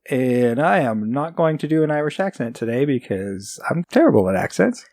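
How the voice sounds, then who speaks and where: Casting: male podcast host, mid-pitched, jokey and chatty. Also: sing-song, normal speed, a little mellow, no echo, clean studio sound. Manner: jokey, chuckles often. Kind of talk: casual chat.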